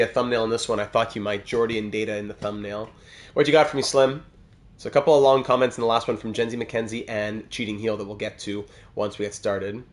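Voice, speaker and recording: A man hosts a live gaming stream from his computer at home, speaking in a mid-range, ordinary voice. He keeps an upbeat, chatty tone as he welcomes viewers one by one and responds to their comments. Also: medium pitch. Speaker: live-stream host of a hockey video game series. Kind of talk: casual pre-stream chat, greeting viewers and reading live comments.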